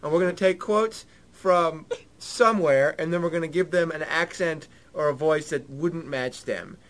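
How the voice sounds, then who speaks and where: A man's voice: on the high side, moderate pace, a bit bright. A young man co-hosting a radio show in casual banter, wry and self-deprecating.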